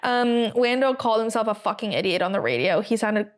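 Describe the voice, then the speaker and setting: A woman's voice: medium pitch, animated, fairly quick. An American woman hosting a podcast, recapping in a chatty, casual way with many fillers and wry asides. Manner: chatty, lots of ums and likes, wry asides. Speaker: podcast host. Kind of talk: casual solo recap chat.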